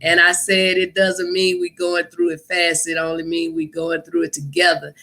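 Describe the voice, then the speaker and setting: A woman comedian from Arkansas, a guest telling jokes and stories in a lively way and laughing often on a casual podcast. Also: fairly low pitch, moderate pace, poor audio.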